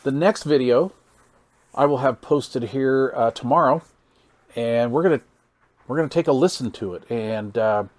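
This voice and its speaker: On his radio hobbyist channel, a man with a medium-pitched, slightly mellow voice does a casual, hands-on demo of radio gear. He comes across folksy and amazed, talking through meter readings and counting into the mic during test calls.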